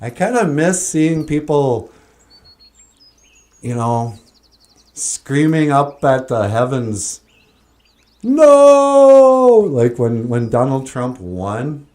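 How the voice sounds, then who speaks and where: A male host talks in a slow, unhurried way and reads out comments from viewers. His voice is mellow and soft-edged. He jokes and chuckles as he goes. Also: mid-range voice. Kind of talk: casual livestream chat.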